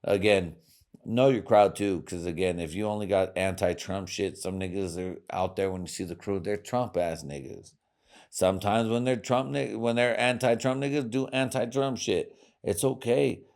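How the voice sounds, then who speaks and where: A man with a very deep voice rants through his own podcast. He swears constantly and wanders from point to point, his volume and pitch lurching up and back down. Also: normal speed, vocal fry. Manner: crude, swearing, rambling; loud swings in volume and pitch. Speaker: podcast host. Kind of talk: profane rambling monologue.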